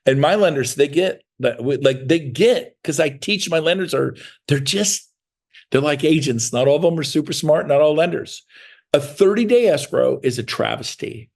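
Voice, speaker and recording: A man's voice: fairly high pitch, animated, normal speed, vocal fry, darkish tone. A middle-aged man giving a motivational sales training talk in an emphatic, repetitive, hard-selling way. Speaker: real estate sales trainer.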